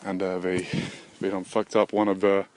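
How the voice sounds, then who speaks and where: A man's voice: deep voice, little pitch movement, normal speed, a little mellow. A young man, rambling and swearing in a self-deprecating monologue while walking outdoors with a handheld camera. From England. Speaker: vlogger. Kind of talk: rambling walk-and-talk monologue. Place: outdoors, walking by a road in the wind. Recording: wind noise outdoors. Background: wind and passing traffic.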